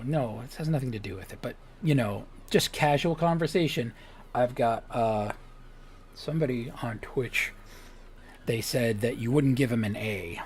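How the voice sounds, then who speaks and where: A man's voice: mid-range voice, a little hiss or hum. A young adult man streaming a game, chatting casually with rambling, joking stories and whispered asides. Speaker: live streamer.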